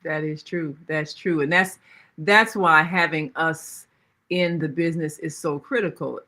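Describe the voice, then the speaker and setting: Bright-voiced woman talk show host. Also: low-pitched, fairly even intonation, measured pace. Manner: laughs often and affirms the guest. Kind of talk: casual interview chat.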